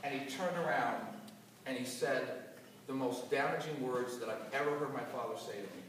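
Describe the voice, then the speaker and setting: A man giving a motivational talk to an audience, telling a personal story in an animated, emotional way. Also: on the high side, fairly quick, slight background noise. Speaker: motivational business speaker. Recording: echoey hall from far off.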